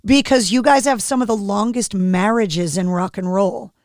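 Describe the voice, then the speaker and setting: A woman hosting a podcast interview, chatty and quick to laugh. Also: medium pitch, darkish tone, no echo, clean studio sound. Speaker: podcast host. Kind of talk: casual interview chat.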